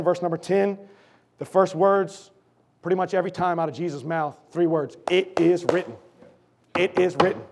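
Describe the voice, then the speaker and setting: A middle-aged man preaching a sermon with a sore throat, fervent and emphatic, swinging between shouted lines and low, intense asides as he calls out to the congregation.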